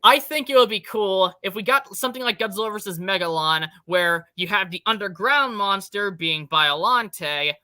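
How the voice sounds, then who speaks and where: A man's voice: high-pitched, moderate pace, hardly any pauses, sharp tone, clear, resonant tone, no echo. A young man hosting a casual podcast chat, rambling enthusiastically and swearing casually. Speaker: podcast host.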